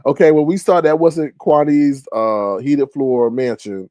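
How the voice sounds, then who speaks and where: A man's voice: a little high, fairly even intonation, unhurried, mellow, dry recording. A man hosting a casual livestream, chatting animatedly and reading viewer comments aloud. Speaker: livestream host. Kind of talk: casual live-stream commentary.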